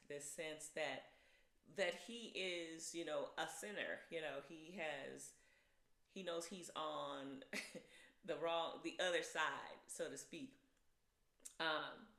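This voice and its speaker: A woman with a low but bright voice talks through a film review in a chatty, unscripted way. She keeps restarting her sentences and drops in plenty of fillers. The recording carries a noticeable room echo. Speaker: movie reviewer. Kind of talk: casual spoken review.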